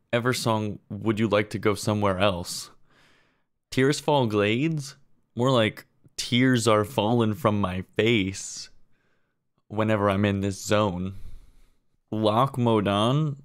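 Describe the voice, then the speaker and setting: Brief: man, deadpan pun roasts, low voice, unhurried delivery. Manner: deadpan, drops lower and quieter for each punchline. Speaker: comedian. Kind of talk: comedy monologue of pun-filled roasts.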